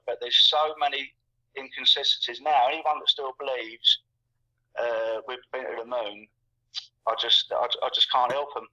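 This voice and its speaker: At a moderate pace, a sixty-something Englishman speaks as a guest in a bright, forceful, medium-pitched voice with fairly even intonation. His casual chat wanders, full of repeated words and stacked fillers, over muffled, lo-fi call audio.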